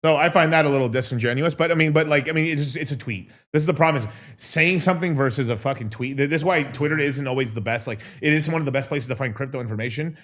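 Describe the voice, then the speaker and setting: A man's voice: on the high side, fast talker, few pauses, fairly bright tone. A man hosting a casual livestream, talking in a profane, rambling way and laughing often. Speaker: host.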